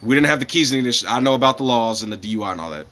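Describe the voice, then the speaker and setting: A man in his thirties with a mid-range, expressive voice chats casually and rapid-fire to his livestream chat. He rambles from point to point, chuckles often, and swings between loud bursts and mumbled asides.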